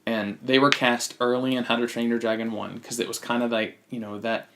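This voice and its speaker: Male podcast host, mid-pitched, casual and opinionated, blunt critic who restarts sentences often. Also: flat delivery, brisk, noisy background. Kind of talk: casual movie review chat.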